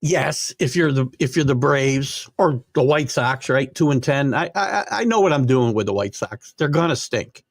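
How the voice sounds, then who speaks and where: With a case of the hiccups, an older man rambles through viewer comments on his live sports talk show, chatting casually with fillers. He has a medium pitch, lively intonation, a normal pace and few pauses. The audio is studio quality with no room sound.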